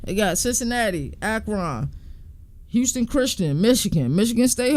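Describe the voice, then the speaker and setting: A man's voice: high voice, animated, moderate pace, a little mellow, no room sound. A man hosting a sports podcast, talking casually and in slang while he thinks aloud and counts through team schedules.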